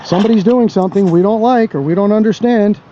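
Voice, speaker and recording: Mocking male videographer, high mellow voice, dull clip audio. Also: fast, slight background noise. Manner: blunt, profane, mocking. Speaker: camera-carrying auditor. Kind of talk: narrating while filming outdoors.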